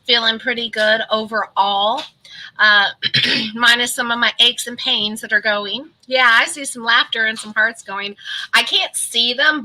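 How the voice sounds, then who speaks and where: A woman's voice: on the high side, bright, forceful tone, poor audio. A middle-aged woman chatting casually on a live stream and greeting viewers by name. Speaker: keto vlogger.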